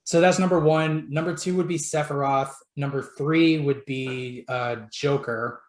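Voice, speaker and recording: A man's voice: medium pitch, steady tone, moderate pace, few pauses. A man hosting a casual podcast about video games, chatty and full of filler words. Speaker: podcast host. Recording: roomy echo.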